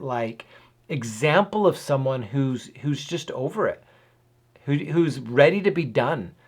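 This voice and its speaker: A man hosting his own channel, giving casual Bible teaching to camera in an earnest, emphatic way, often asking rhetorical questions and adding "right?". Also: medium pitch. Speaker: host of a Bible and whiskey channel.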